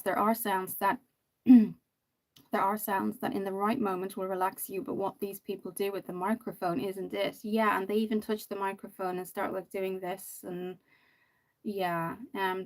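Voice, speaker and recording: A woman's voice: mid-range voice, little pitch movement, normal speed, a little mellow. A woman hosting a makeup livestream, chatting casually and rambling with many ums while reading viewer comments. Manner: chatty, rambling, lots of ums and "you know".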